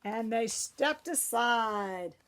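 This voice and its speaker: High-voiced woman reading a picture book slowly. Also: expressive, fairly bright tone. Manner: chatty asides to young listeners. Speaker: children's librarian. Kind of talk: picture book read-aloud.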